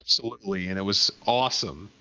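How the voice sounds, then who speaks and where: Male co-host with a bright tone, excitable, dry close mic, casual podcast chat. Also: on the low side, fast, no echo. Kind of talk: casual gaming podcast banter.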